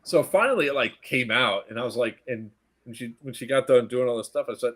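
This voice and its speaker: Husky middle-aged man telling stories. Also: medium pitch, fairly quick. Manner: animated, profane, acts out quotes. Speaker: stream co-host. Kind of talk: casual storytelling chat.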